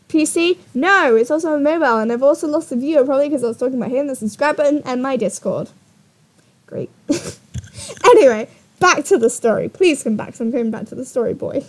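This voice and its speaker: A young woman YouTuber telling a dating story in a casual, exasperated vlog style, often laughing. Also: high voice.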